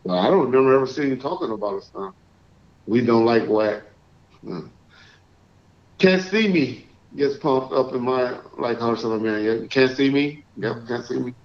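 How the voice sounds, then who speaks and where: A man's voice: mid-range voice, moderate pace. Man hosting a livestream, echoey lo-fi. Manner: relaxed, reads out viewer shout-outs. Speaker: livestream host. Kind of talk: casual live-stream chat. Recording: echoey, dull lo-fi stream audio.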